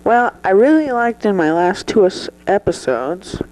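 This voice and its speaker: A brash, high-voiced male movie star, put on by a performer in a comedy sketch. He swears at every turn, drops "man" into every sentence and drawls along slowly. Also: big pitch swings, darkish tone, a little hiss or hum, poor audio. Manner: swears constantly and keeps saying "man". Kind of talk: improvised comedy sketch interview.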